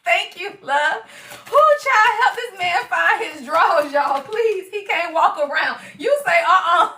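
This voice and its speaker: A woman's voice: very high voice, animated, a little slow, sharp tone, echoey room, recorded from a distance. A woman doing a casual live-streamed tarot reading, slangy and laughing often as she talks to her viewers. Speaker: tarot reader.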